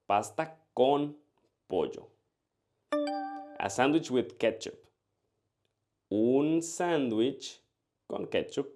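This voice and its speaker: Male language tutor, slow deliberate delivery, animated pitch, scripted lesson read. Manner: slow, carefully enunciated drilling of phrases. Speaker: language teacher.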